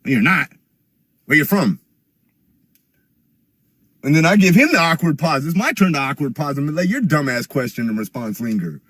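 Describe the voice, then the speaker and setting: A young man telling a rambling, profane story in casual chat, getting louder and higher as he gets worked up. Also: big pitch swings, fast, few pauses.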